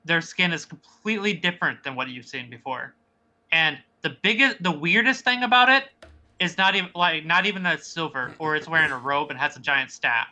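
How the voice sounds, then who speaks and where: A casual game master narrating a fantasy scene in a very bright, clear voice. They ramble and restart, searching for the right words. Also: medium pitch, fairly quick. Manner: casual and rambling, with many fillers.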